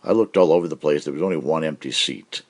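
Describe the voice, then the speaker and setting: A man's voice: a bass voice, quick pace. A man hosting a cartoon comedy show, telling jokes in a brash, punchy way. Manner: brash, punchy joke delivery with put-on voices. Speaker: comedy host. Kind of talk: joke-telling comedy monologue.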